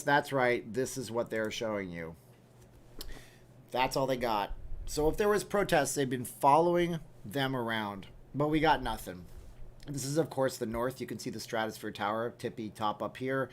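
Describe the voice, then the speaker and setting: Man, livestream host, chatty and jokey, mid-pitched voice, talking to viewers from home. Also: slight background noise. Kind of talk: casual livestream chat reading viewer comments.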